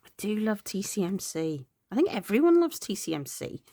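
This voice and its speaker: A woman's voice: mid-range voice, big pitch swings, normal speed, no room sound. A middle-aged woman chatting through her planners, rambling and correcting herself, tired and yawning. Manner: rambling, self-correcting, soft laughs. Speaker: planner vlogger.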